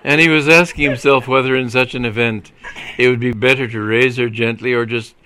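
A man reading a comic story aloud in a dry, measured way. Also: medium pitch, fairly even intonation, noisy background. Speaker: reader.

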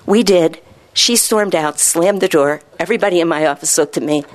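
A woman internist telling a story from her practice, acting out the dialogue with lively quoting. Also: lowish voice, a little fast, very noisy. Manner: animated, acts out quoted dialogue. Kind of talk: storytelling talk.

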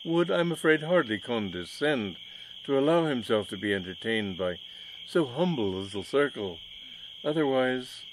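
A man's voice: mid-range voice, expressive, moderate pace, a little hiss or hum, natural voice, low-quality recording. A man reading a story aloud, voicing a shy, diffident elderly lord who stammers and speaks with nervous, overly polite fawning.

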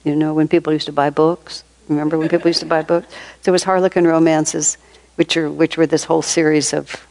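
A woman's voice: low voice, level tone, brisk, a little mellow, rough recording. An older woman giving an informal spiritual talk, telling stories in a conversational way and laughing often. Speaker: spiritual teacher.

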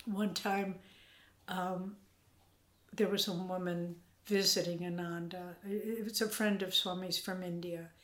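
An older woman gently and earnestly telling a personal spiritual story in an interview, at times dropping to a whisper. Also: on the low side. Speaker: interviewee, spiritual community member. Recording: roomy echo.

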